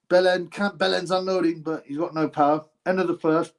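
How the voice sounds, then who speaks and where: A man with a fairly high voice and fairly even intonation hosts a live stream, talking fairly quickly as he reacts to a boxing match. His commentary is blunt and mocking, and he reads chat comments aloud.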